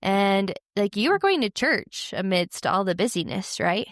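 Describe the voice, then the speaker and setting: A woman's voice: medium pitch, very animated, unhurried, no room sound, studio quality. A young woman hosting an interview podcast, speaking in a casual, reflective and encouraging way. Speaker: podcast host.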